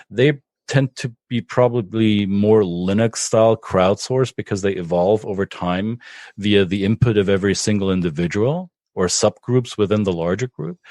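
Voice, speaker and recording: A man with a German accent, a native German speaker, calmly explaining ideas as a podcast guest, with frequent restarts. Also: on the low side, no room sound, clean studio sound. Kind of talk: podcast interview.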